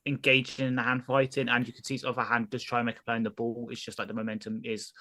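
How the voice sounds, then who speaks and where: A man from England co-hosting a live football reaction stream. He talks through plays with halting restarts and makes dry asides. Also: mid-range voice, completely flat delivery, sharp tone. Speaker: co-host and analyst.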